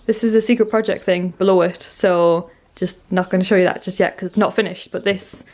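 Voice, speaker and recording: A young woman with an English accent chatting excitedly to camera in a rambling vlog style, full of fillers. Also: on the low side, a little fast. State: out of breath. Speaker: vlogger. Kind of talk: casual vlog chat to camera.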